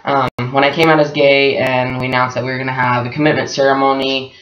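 A man in his twenties, telling a personal story in a candid, reflective, soft-spoken way. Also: medium pitch, flat delivery, quick pace. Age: 20s. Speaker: guest partner. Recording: echoey room, dull lo-fi sound.

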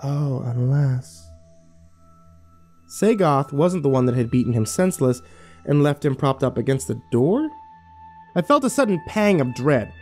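A man narrating a first-person horror story in a wry, expressive way. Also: on the high side, normal speed, soft background music.

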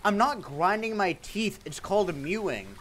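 A man streaming a game live, chatting playfully with his viewers, swearing freely and breaking into sudden excited outbursts. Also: high voice, normal speed. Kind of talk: casual game livestream chat.

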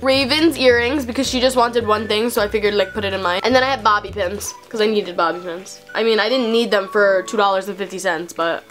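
A woman's voice: mid-range voice, fairly quick, hardly any pauses, a bit bright, faint music behind. A young woman vlogger chatting casually and bubbly about her shopping haul, filling her talk with "like". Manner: chatty, bubbly, heavy use of "like". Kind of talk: casual haul video chat.

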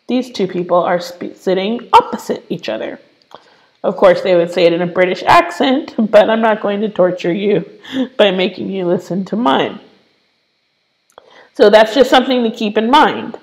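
Woman, kids' English teacher, unhurried delivery with a gravelly edge, patient and playful. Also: mid-range voice, rough recording. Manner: slow, patient explaining with playful asides. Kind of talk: online lesson for kids.

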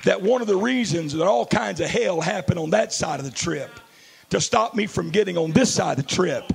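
Male pastor, slightly high and raspy, fiery revival preaching. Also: normal speed. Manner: fiery preaching, swings from hushed storytelling to shouting. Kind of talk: sermon. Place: large church.

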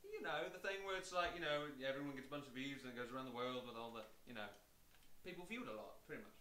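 A man hosting a comedy web show in goofy banter, excitable and prone to shouting. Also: fast, reverberant. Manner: excitable, shouting often, voice jumps high.

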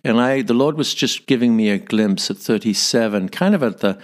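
A man in his fifties with a Northern Irish accent, a podcast guest telling stories with animated delivery, often repeating words as he searches. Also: mid-range voice, a little fast. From Northern Ireland. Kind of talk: storytelling interview.

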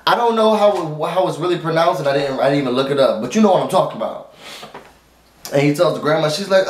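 A fast-talking TV recap vlogger with a fairly high pitch and lively intonation goes over an episode at home, dog nearby, in an echoey room. He chats informally with viewers he calls y'all, rambling and full of fillers and restarts.

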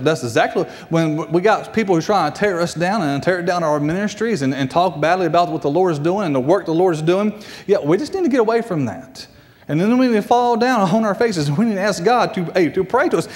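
A man preaching a sermon as a guest preacher, repeating phrases and swinging his pitch. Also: animated, fairly quick, darkish tone. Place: church sanctuary. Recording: church hall reverb.

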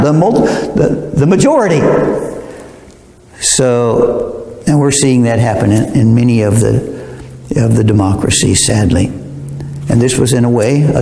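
A man's voice: mid-range voice, a little mellow, slight background noise. A male preacher teaching a verse-by-verse Bible sermon in a conversational, digressive way, speaking directly to his listeners. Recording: roomy hall reverb.

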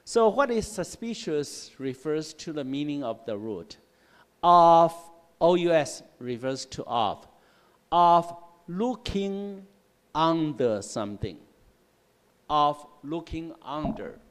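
A male English teacher giving a classroom lecture on word roots, explaining slowly and repeating himself, often checking with "right?" and "okay?". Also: fairly high pitch, very animated. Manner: slow, repetitive explaining with frequent "right?" and "okay?". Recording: long hall reverb in a classroom.

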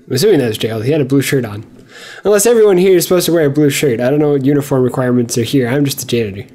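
A man's voice: medium pitch, lively intonation, racing, dark tone, faint music behind. A young man commenting on a horror game as he plays, joking and sarcastic while he rambles to himself. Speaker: gameplay commentator. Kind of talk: let's play commentary.

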